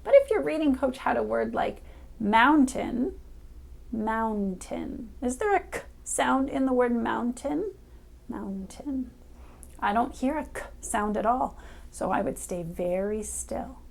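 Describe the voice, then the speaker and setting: A woman's voice: high-pitched, expressive, darkish tone. Cheerful woman teaching early reading. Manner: cheerful, encouraging, speaks directly to a child; sounds out letters slowly and clearly. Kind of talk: upbeat children's reading lesson.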